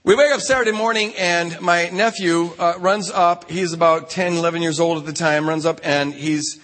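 A man's voice: on the high side, fairly even intonation, moderate pace, fairly bright tone. A man speaking at a retreat, telling a funny story with lots of stammered restarts. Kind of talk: humorous storytelling talk. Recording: long hall reverb.

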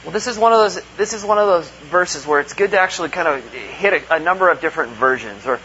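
A man's voice: fairly high pitch, animated, fast, pushed and bright. A man preaching a conversational sermon, earnest, asking rhetorical questions and acting out quotes. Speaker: pastor. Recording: dull lo-fi recording with faint hum.

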